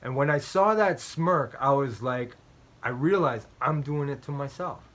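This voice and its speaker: A man's voice: medium pitch, a little slow, fairly bright tone. A man hosting a strategy game channel, explaining play in a chatty, self-deprecating way with personal stories, often ending his points with "right?" and repeating phrases for emphasis.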